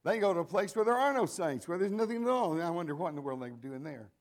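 An older man preaching a sermon, slightly high in pitch. He talks in a folksy, conversational way, wandering into asides and restarting his sentences as he goes. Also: animated, quick pace.

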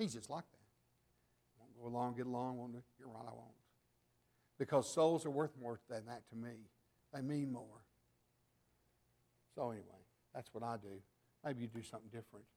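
An older man delivering a sermon, telling stories and acting out the voices of the people in them, moving between loud emphatic lines and soft asides. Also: mid-range voice, normal speed, pauses often, breathy edge. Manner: animated storytelling, acting out voices in quotes. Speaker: preacher.

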